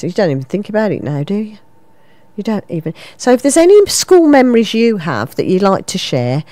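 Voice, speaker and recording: Local radio presenter, woman in her fifties, lower-pitched, self-mocking and chatty. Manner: lively, self-mocking, rambling. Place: small radio studio. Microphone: studio microphone.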